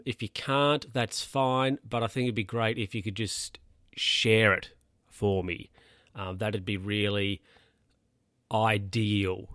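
A young Australian man hosting his own podcast, talking casually in a relaxed, rambling way with lots of fillers and restarts. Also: on the low side, no echo, studio quality. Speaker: podcast host. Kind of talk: casual solo podcast chat.

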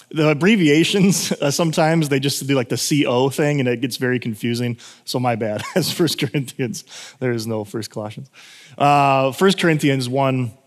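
A man's voice: medium pitch, in a large hall. A man preaching a sermon in a casual, self-correcting way, with emphatic moments. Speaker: pastor.

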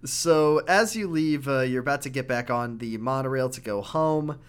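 Male co-host, casual game recap, animated delivery, ordinary mid-range voice. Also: medium pitch, moderate pace, clear, resonant tone. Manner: animated, acts out character lines.

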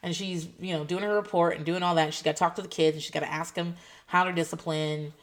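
A woman in her thirties telling a story in a casual vlog, animated and profane, acting out what others said. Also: fairly low pitch, quick pace. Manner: animated, swearing, quotes others in voices. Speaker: foster parent telling a story.

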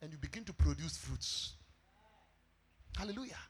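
A male pastor, preaching a fervent sermon that breaks into shouts and sung phrases. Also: on the high side, lively intonation, moderate pace, breathy edge.

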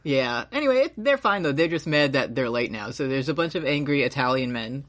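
Woman co-host with a low, lively voice. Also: brisk. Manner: laughing, playful, swears casually. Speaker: podcast co-host. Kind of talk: casual chat.

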